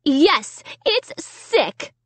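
A woman's voice: very animated, extremely slow, no echo, heavily acted. A woman voicing a shrieking, accusing preteen girl in an audiobook. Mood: indignant. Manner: shrill, screaming.

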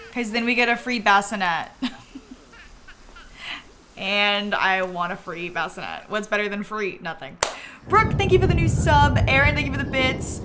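A woman hosting a gameplay livestream, chatting to viewers, giggly and easily excited, thanking them for subscriptions. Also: on the high side, a little hiss or hum. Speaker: livestream host.

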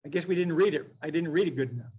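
A man with a fairly high voice leads a midweek Bible study in a church classroom. He talks in a plain conversational way, slowing down to read scripture passages aloud and putting questions to his class. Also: darkish tone, breathy edge, poor audio. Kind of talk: casual Bible study teaching.

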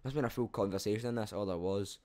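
A young Scottish YouTuber reads comments from his own channel aloud, reacting with cheeky banter, swearing freely and laughing at himself. His lowish, mellow voice races along.

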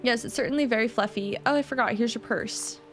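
A woman's voice: on the high side, fast talker, fairly bright tone, faint music behind, lightly acted. A woman reading aloud the lines of a kindly talking cat from a video game. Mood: friendly. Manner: reading dialogue aloud plainly.

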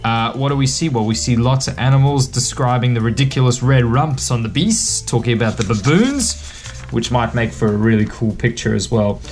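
A man from Western Australia, an author giving a relaxed, chatty writing lesson for kids. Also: mid-range voice, moderate pace, soft background music. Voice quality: relaxed, chatty explaining with fillers. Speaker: author-illustrator teaching kids. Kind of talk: picture book writing lesson.

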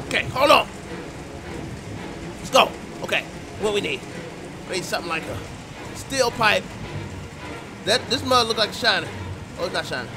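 A man with a very high voice is playing through a video game and commenting loudly, shouting jokes and trash talk at the screen. His pitch swings wide from moment to moment. Game music and rain sounds play clearly behind him. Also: lively intonation, normal speed, long pauses. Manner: loud, joking, profane trash talk at the screen. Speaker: gaming YouTuber.

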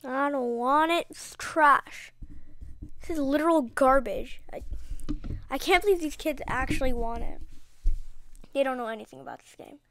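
A woman's voice: high-pitched, moderate pace, long pauses, fairly bright tone, dry recording. A woman giving casual, rambling gameplay commentary, chatty and dramatic, full of slang. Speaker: gaming video creator.

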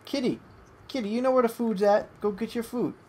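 A young adult gamer giving excitable live commentary over a match, swearing at opponents and coaxing a pet between plays. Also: mid-range voice, brisk.

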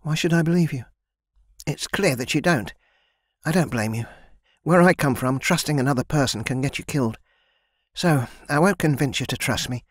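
A man's voice: mid-range voice, normal speed, no room sound, clean studio sound, voice pushed up, lightly acted. A male audiobook narrator voicing a brash, proud young warrior woman who speaks bluntly and directly.

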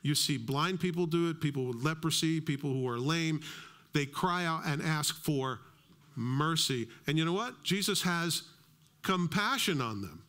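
A middle-aged male pastor giving a sermon, telling stories with lively acted-out dialogue. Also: a little high, a little slow. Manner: animated storytelling, acts out dialogue.

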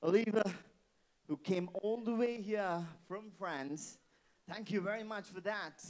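A man with a high-sitting, slightly slow and somewhat mellow voice hosts a live wedding reception indoors, using a handheld microphone to hype guests, repeat phrases and demand noise. The recording is rough.

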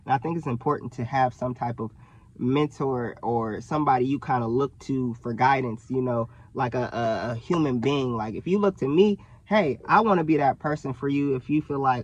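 A young man, talking casually to camera in an animated way, full of fillers and self-corrections. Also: medium pitch, moderate pace, muffled recording. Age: young adult. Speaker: vlogger. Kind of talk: casual direct-to-camera talk.

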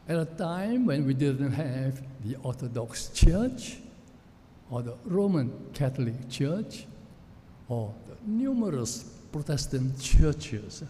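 A man preaching a sermon as pastor, speaking in a slow, reflective way with frequent pauses and fillers, recorded in a church sanctuary. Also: mid-range voice, mellow. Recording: long church hall reverb with faint noise.

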